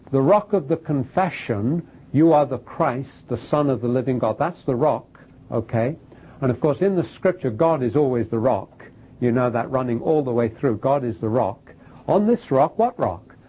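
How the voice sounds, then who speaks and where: A man with a somewhat high, husky voice teaches from the Bible in a sermon style. He reads passages aloud and drives his points home with repeated rhetorical questions. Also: a little mellow, low-quality recording.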